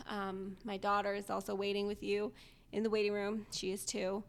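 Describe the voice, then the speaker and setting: A young adult woman co-hosting a podcast, telling a story in casual chat, animated and often laughing as she acts out the people in it. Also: mid-range voice, normal speed. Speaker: podcast co-host.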